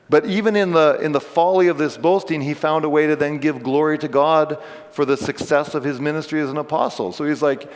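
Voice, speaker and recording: Pastor preaching in a reverberant church. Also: male voice, a little high, fairly quick, darkish tone. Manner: conversational, explains scripture with casual asides. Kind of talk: sermon. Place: church sanctuary.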